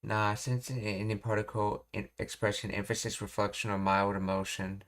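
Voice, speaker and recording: A man thinking aloud as he works through Japanese grammar on a live stream, reading notes and pausing often to puzzle things out. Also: lowish voice, flat delivery, fairly bright tone. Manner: slow, halting, pausing to read and puzzle things out. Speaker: language learning streamer.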